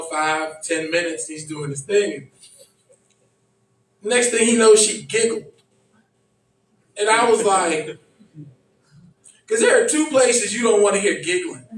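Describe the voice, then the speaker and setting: Male stand-up comic with a high voice, acts out friends' dialogue, recorded at a distance in a roomy club. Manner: animated, acts out friends' lines in quotes. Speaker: stand-up comedian. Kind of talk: stand-up comedy storytelling. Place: comedy club stage. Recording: echoey club sound from a distance.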